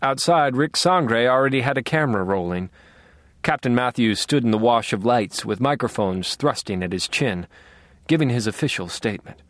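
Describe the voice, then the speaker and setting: A man's voice: medium pitch, lively intonation, moderate pace, a bit bright, no echo, clean studio sound. A man reading an audiobook in first person with a wry, detached manner. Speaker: audiobook narrator.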